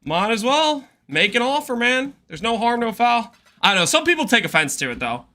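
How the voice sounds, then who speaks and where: A man's voice: very high voice, sing-song, moderate pace, few pauses, bright, forceful tone. A man streaming a game in casual chat, rambling, repeating himself and laughing often.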